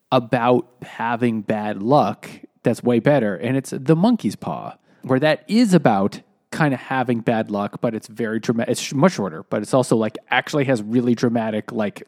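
Mid-pitched man, rambling casual review, trips over his words. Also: a little mellow. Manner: hesitant, rambling, self-correcting. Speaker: podcast co-host. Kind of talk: casual chat, giving a review.

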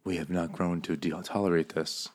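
Casting: deep-voiced man, podcast co-host, loose and profane, mimics characters while recapping. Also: little pitch movement, normal speed. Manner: profane, jokey, acts out characters in quotes. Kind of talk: casual book-club chat.

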